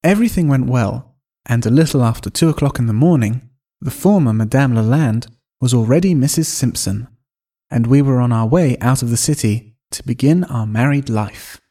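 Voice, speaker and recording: A man reading a first-person story aloud in an expressive, storytelling manner. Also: medium pitch, normal speed. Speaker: narrator. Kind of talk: scripted story narration.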